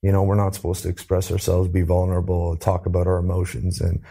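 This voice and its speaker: A man from Canada telling his life story as an interview guest, earnest and animated, lifting his voice when he quotes people. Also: fast, vocal fry, breathy edge. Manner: earnest, acts out quoted voices with rising pitch.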